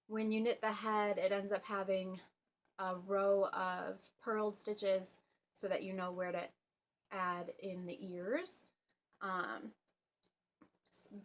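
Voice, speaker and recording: Chatty young woman knitting vlogger. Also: mid-range voice. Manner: chatty, with fillers and soft laughs. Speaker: knitting podcast host. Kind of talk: casual show-and-tell vlog.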